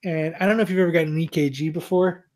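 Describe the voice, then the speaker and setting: A man co-hosting a podcast, telling a long story in a casual, animated, self-mocking way, with plenty of swearing. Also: fairly high pitch, very fast. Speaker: podcast co-host.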